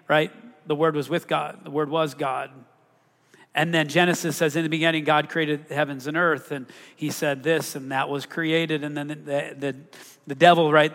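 A man's voice: fairly high pitch, a bit bright, in a large hall. A man preaching a sermon to a congregation, talking through scripture in a conversational way and asking the listeners rhetorical questions. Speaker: pastor.

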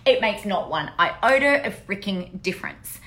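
Bright-voiced, blunt, sweary woman. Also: medium pitch, sing-song, normal speed. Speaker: podcast host. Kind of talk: casual monologue.

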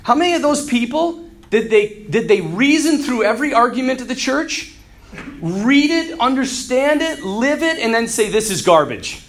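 A man giving an energetic, jokey Catholic talk to a group, acting out characters in his stories. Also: very high voice, normal speed. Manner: energetic and jokey, acts out quoted characters, clears throat often. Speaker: Catholic speaker who does marriage counseling. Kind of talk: animated preaching talk to a youth audience.

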